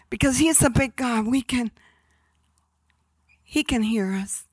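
A woman preaching a sermon, slow and emphatic, sometimes dropping her voice almost to a whisper. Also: high-pitched, pushed and bright, no room sound.

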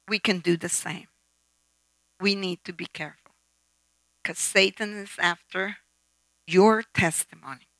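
A woman's voice: mid-range voice, vocal fry, sharp tone, dry recording, rough recording. A woman preaching a sermon, emphatic and asking the audience questions. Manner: emphatic, calls for amen and asks the audience questions.

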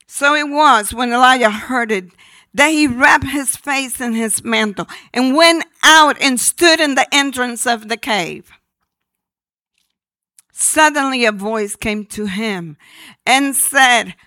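A woman preaching a sermon, slow and emphatic, sometimes dropping her voice almost to a whisper. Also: fairly high pitch, sharp tone, no room sound.

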